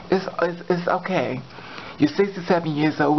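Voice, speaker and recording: A man's voice: on the high side, normal speed, gravelly, slight background noise. Sassy man ranting in a roomy room. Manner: sassy, animated, addresses the subject directly. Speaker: vlogger. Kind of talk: casual opinion rant to camera. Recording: roomy, muffled, slightly distant mic.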